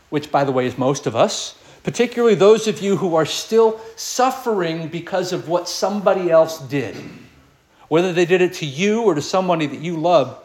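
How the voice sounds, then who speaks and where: Earnest man preaching a sermon. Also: high voice. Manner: earnest, rhetorical questions and acted quotes. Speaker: pastor.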